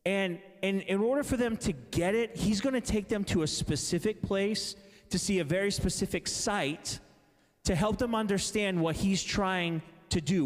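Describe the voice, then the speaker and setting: Chatty, self-deprecating male preacher, fairly high voice, long hall reverb. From Massachusetts, raised in Indianapolis. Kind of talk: conference sermon with storytelling.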